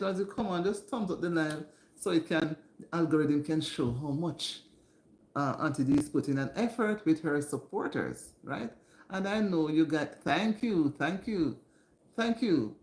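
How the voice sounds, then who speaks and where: A woman hosting a casual home livestream, chatting warmly and greeting her viewers by name. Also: low voice, roomy sound. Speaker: livestream host. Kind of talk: casual live-stream chat with viewers. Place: indoors at home.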